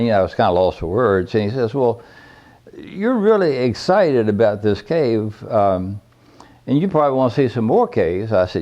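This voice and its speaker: A man's voice: mid-range voice, big pitch swings, normal speed, a little mellow, lo-fi sound. An older man telling personal stories in a folksy, plainspoken, rambling way. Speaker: veteran caver recounting his history. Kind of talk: personal storytelling.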